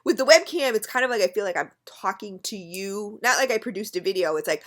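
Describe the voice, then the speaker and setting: A woman's voice: mid-range voice, lively intonation, fast. A woman in her thirties ranting frankly to her webcam at home, blunt and swearing freely. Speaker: beauty and vape vlogger. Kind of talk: unscripted webcam rant.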